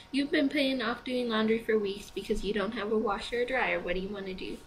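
On a rough recording, a young woman with a medium-pitched voice does let's play commentary at a moderate pace for a choice-based game. Sleepy and yawning, she reads the prompts aloud and chats through her decisions.

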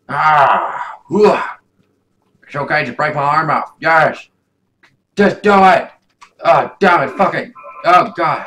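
A young man giving loud, swearing let's play commentary, swinging between shouts and mumbles. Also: a little high, animated, a little slow, low-quality recording. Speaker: gaming YouTuber.

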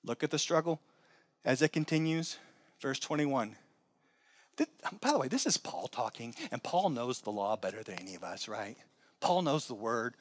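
A man preaching a sermon as pastor, swinging between loud, high exclamations and low, quiet asides. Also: big pitch swings, moderate pace, no room sound. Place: church sanctuary.

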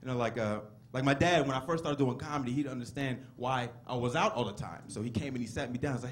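A young man telling stories in a stand-up comedy set on a club stage, animated and given to drawn-out exclamations. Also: medium pitch, a little hiss or hum.

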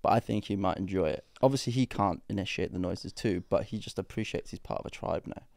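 A young man co-hosting a podcast, telling stories in an animated way and laughing often. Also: low-pitched, fast talker, gravelly, no room sound, clean studio sound. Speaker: podcast co-host. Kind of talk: casual chat.

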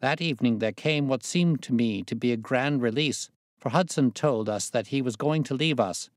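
A man narrating a classic story aloud in a steady, measured reading voice. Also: medium pitch, no room sound, clean studio sound.

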